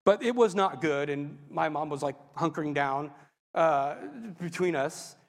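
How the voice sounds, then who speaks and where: Man, pastor, sermon testimony, high voice, expressive, long hall reverb. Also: unhurried. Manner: animated, expressive storytelling with frequent asides.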